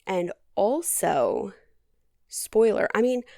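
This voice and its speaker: Dry, sarcastic woman with vocal fry. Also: mid-range voice, big pitch swings, takes it slowly, warm tone, no room sound. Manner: chatty, heavy on "like". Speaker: podcast host. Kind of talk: casual movie recap.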